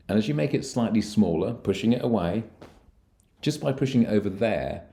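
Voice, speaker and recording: A middle-aged man, a mind coach, calmly guiding the listener through techniques for handling anxiety, speaking straight to them. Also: sits low. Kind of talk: instructional coaching talk.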